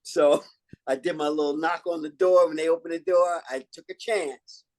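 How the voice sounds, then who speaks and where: An older man from New York, an actor, telling stories in a relaxed interview and acting out old lines and catchphrases. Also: a little high, normal speed. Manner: animated, acts out quotes and catchphrases. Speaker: actor guest.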